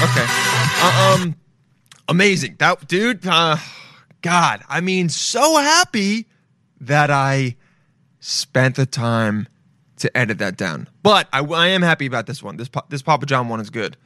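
A young man hosting his own podcast, rambling casually with lots of swearing and sudden bursts of loud excitement. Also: on the high side, measured pace, pauses often, over loud music. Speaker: podcast host. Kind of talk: casual solo podcast rant.

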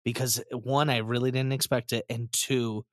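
A man's voice: mid-range voice, flat delivery, normal speed, no echo. A man in casual podcast chat, talking in an enthusiastic, effusive way.

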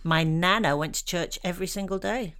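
A middle-aged woman from Ireland speaks as a guest comedian, her voice sitting on the low side. She is candid and self-deprecating, and her stories come with easy laughter. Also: fairly quick, a bit bright, smooth. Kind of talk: candid conversational interview.

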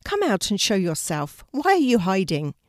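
A woman's voice: medium pitch, huge pitch swings, normal speed, dry recording, studio quality. A woman voicing a curious, doubtful young girl in a storybook reading. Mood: puzzled. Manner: questioning, a bit sarcastic.

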